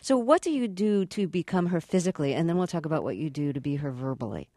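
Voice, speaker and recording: A woman's voice: sits low, lively intonation, fast talker, warm tone, dry recording, clean studio sound. A woman radio interviewer asking her guest curious, probing questions.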